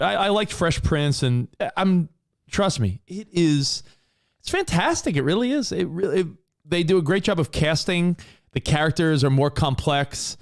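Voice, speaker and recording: A man's voice: fairly high pitch, animated, moderate pace. A man co-hosting a podcast in casual chat, enthusiastic and prone to stammering and repeating words. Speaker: podcast co-host.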